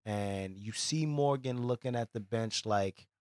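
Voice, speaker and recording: A man co-hosting a podcast, recapping a TV episode in relaxed, profane casual chat. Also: fairly low pitch, unhurried, dry recording, clean studio sound. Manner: relaxed, profane, talks over his co-host. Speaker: podcast co-host.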